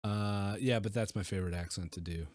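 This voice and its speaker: A man's voice: fairly low pitch, brisk, a little mellow, dry recording. A man co-hosting a gaming podcast in casual chat, who laughs often and lets his sentences trail off. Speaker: podcast co-host.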